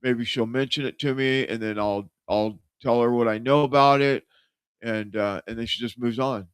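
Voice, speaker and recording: A man's voice: mid-range voice, steady tone, normal speed, clean tone, dry recording. A man hosting a live show, rambling conversationally about everyday worries. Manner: rambling, conversational, with frequent fillers. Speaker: host. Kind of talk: casual live-show monologue.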